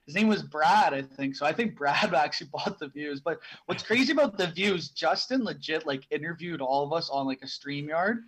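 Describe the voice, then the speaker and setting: Young male co-host, a touch high, rambling casual chat with lots of restarts. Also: expressive, normal speed, few pauses, a bit bright, husky, low-quality recording. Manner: rambling, full of restarts and fillers. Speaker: podcast co-host.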